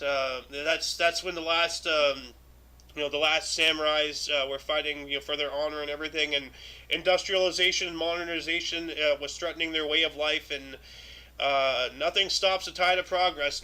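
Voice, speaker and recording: A man's voice: fairly high pitch, fairly even intonation, normal speed, sharp tone, rough recording. A man hosting a livestream, reading historical dates aloud and then chatting loosely about each one, with many ums and restarts. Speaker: host of a daily history show.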